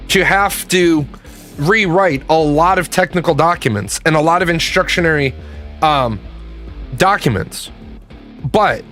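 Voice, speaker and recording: A man's voice: high-pitched, a bit bright. A man giving a blunt, profane political opinion rant in a casual, emphatic way. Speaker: political commentator.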